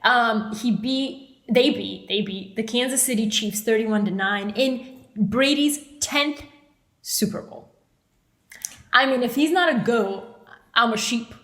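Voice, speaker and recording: A bubbly woman co-hosting a casual chat show, quick to laugh as she leads each new topic. Her voice sits somewhat high. The room adds an audible echo. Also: a bit bright. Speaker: podcast co-host. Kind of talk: casual banter. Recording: roomy echo.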